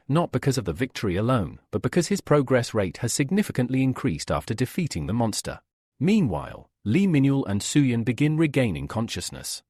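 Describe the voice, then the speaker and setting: Brief: male recap narrator, husky, dry close sound, very lively pitch. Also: no echo. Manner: steady storytelling, reads all quotes. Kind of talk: scripted narration.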